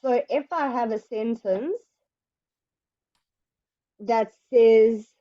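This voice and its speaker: A woman teaching English one-on-one, explaining slowly and patiently. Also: on the high side, no room sound, dull audio. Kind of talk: one-on-one online English lesson.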